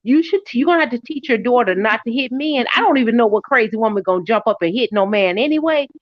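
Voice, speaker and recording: Middle-aged woman, co-host, animated storyteller, slightly high voice, dry muffled audio. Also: fast, no echo. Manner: animated storyteller, pitch jumps when quoting people. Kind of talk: casual chat, storytelling.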